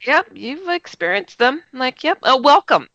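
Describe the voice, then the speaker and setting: A woman's voice: high-pitched, normal speed, no echo, highs cut off. A woman co-hosting a radio talk show, telling stories animatedly, often laughing and acting out voices. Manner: animated storyteller, laughs often, acts out dialogue. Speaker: radio co-host. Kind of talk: casual radio chat.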